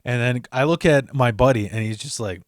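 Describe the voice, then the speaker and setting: A man's voice: mid-range voice, a little fast, no echo, studio quality. A young man casually telling a personal story, swearing freely and acting out what others said. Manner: animated, profane, acts out quoted voices.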